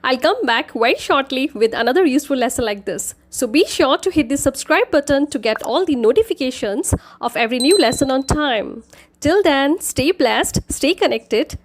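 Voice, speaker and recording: A woman narrating a scripted English pronunciation lesson, explaining each word slowly and deliberately. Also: high voice, lively intonation, no echo. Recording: voice-over with faint background music.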